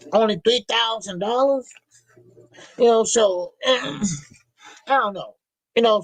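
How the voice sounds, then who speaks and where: A man with a high, slangy voice hosts a live boxing talk stream, chatting loosely and repeating himself as he reads viewer messages. The sound is dry and close, with no room around it. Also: fairly bright tone, no echo, low-quality recording. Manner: loose, repetitive, slangy, profane. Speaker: boxing show host.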